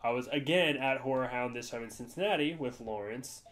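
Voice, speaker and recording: A man's voice: a little fast, a bit bright. A man from the United States, co-hosting a podcast, telling stories in a loose, rambling way. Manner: rambling storyteller, jumps to high-pitched voices for quoted people. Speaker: podcast co-host. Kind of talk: casual chat.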